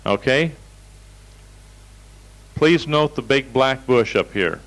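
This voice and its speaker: A man's voice: medium pitch, takes it slowly, fairly bright tone, rough recording. A man teaching a seminar over slides, telling folksy anecdotes in a direct, storytelling way. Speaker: seminar instructor.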